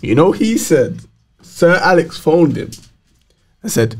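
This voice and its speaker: A man's voice: fairly high pitch, slow pace. A man hosting a casual football podcast chat, telling stories and quoting others. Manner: animated, storytelling with laughs and quoted voices. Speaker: podcast host.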